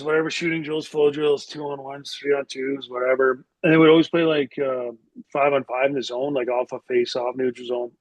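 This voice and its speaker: A middle-aged former hockey player, appearing as a podcast guest, tells stories in a casual interview. His medium-pitched voice comes through a rough recording with no room sound as he rambles, swears freely and says "like" constantly.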